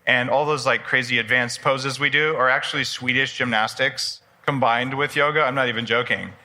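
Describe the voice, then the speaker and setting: Here a man in his forties speaks live at a personal development expo, casual, enthusiastic, and joking with the crowd in a conversational manner. His voice is medium-pitched and sharp, steady in tone, at a normal speed.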